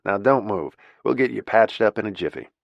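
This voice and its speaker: A man's voice: fairly low pitch, expressive, a little fast, creaky, dry recording, muffled recording. A man voicing a male lawyer who talks in a firm, reassuring way. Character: male lawyer, calm gallant rescuer.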